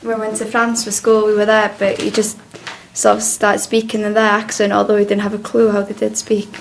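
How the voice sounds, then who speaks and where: A young woman with a Welsh accent giving low-key, short answers in a casual group discussion. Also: monotone, brisk, vocal fry, slight background noise. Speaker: interviewee.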